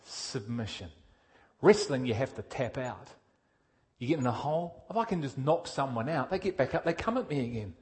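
A man preaches at a moderate pace in a medium-pitched voice, with energy and directness. He poses questions to his listeners and alternates loud emphasis with quiet intensity.

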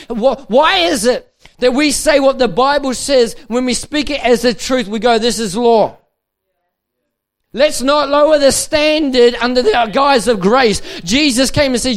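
High-voiced man preaching with fervor. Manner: impassioned, repeats phrases, rises to urgent emphasis. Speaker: pastor. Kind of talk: preaching a sermon. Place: dinner event hall.

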